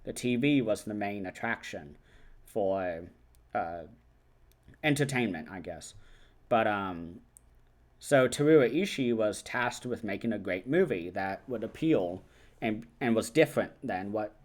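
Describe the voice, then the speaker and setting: A man with a slightly low voice talks through a film's plot in a casual, rambling way. He fills pauses with frequent ums and likes, and drops into quick impressions of the characters' lines. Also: lively intonation. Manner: loose, chatty retelling with many fillers. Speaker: film review channel host. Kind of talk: casual film recap and review.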